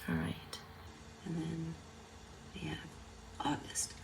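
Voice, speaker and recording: With a deep, gravelly voice that swings widely in pitch, this card-making instructor takes her time. She's a middle-aged woman chatting and thinking aloud through a casual crafting tutorial, recorded from a distant mic in a noisy room.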